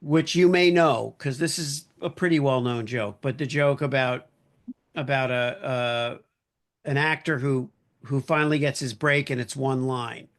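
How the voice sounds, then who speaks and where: A man hosting a podcast, chatting casually and retelling jokes as an animated storyteller. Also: medium pitch, a little slow. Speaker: podcast host.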